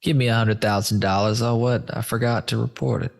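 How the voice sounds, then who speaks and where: A man's voice: on the low side, fairly even intonation, brisk, creaky. A man putting on a New York accent, playing a cagey male politician who shrugs off a late report. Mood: mock-innocent.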